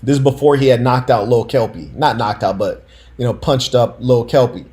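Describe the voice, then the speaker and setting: A man with a medium-pitched, somewhat dark voice speaks at a normal speed while hosting a casual commentary stream. He tells stories in a slangy, emphatic style, speaking directly to his audience.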